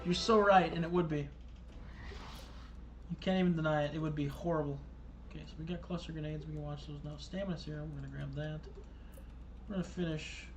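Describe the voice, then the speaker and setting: A man commentates his game casually, thinking aloud and cursing when things go wrong. His voice sits slightly high. Faint game music plays behind him. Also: steady tone, fairly quick, long pauses. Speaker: gaming streamer.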